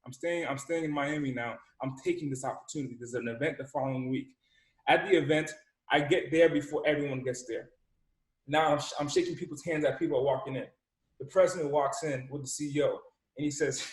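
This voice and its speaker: A man from Rhode Island, a podcast guest and motivational speaker, telling a personal story with high energy, repeating words and acting out dialogue. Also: steady tone, a little fast. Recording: roomy echo.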